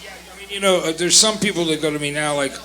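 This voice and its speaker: A man on a live panel, excitable, loud and emphatic. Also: a little high, fast talker, poor audio. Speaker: panelist, former music TV host. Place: live expo panel stage.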